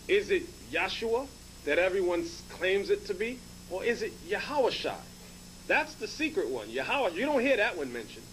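High-voiced man teaching scripture. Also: fairly bright tone, a little hiss or hum, poor audio. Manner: explanatory, repeats points, prompts "read". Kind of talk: Bible lesson, directing a reader.

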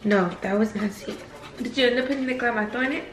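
A woman's voice: fairly high pitch, quick pace, roomy sound, background noise. A young woman in her twenties chatting casually for a vlog from a parked car, swearing and laughing easily as she talks about food. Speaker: vlogger.

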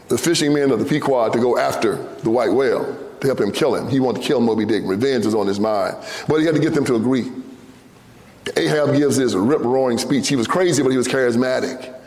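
A man with a Southern US accent from Tennessee giving an impassioned sermon-style speech in a church, preaching in a repetitive cadence that rises to shouts. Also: medium pitch. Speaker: guest speaker. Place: church sanctuary. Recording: echoey church hall.

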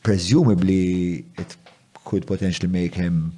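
This is a man from Malta who hosts a podcast and asks reflective questions. His voice is low and dark-toned, soft rather than bright. He talks loosely and thinks aloud as he goes. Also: fairly even intonation, unhurried, breathy edge. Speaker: podcast host. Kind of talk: casual interview conversation.

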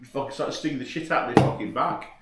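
A man's voice: medium pitch, quick pace, heavy background noise. A young man telling crude stories and teasing his friend, swearing freely. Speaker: fellow biker. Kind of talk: crude banter among friends. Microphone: action camera or intercom mic. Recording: echoey recording.

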